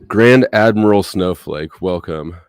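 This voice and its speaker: A man hosting a casual livestream chat with a guest, talking in a relaxed, rambling way with restarts. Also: low voice, a little slow, clean tone, no echo. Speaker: livestream host.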